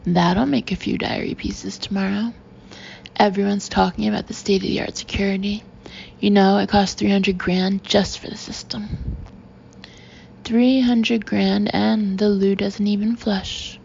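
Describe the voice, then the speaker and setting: A chatty society gossip with a breathy, confiding tone, as a woman narrator puts her on. The voice is mellow and a little gravelly, in a dull lo-fi audiobook recording. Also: medium pitch, fairly even intonation, a little slow, a little hiss or hum. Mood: gushing.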